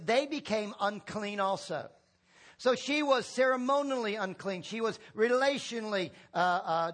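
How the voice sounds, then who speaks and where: A man's voice: high-pitched, a bit bright. A male pastor preaching a sermon in a church, calling for responses and repeating key phrases for emphasis, with folksy humor. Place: church sanctuary.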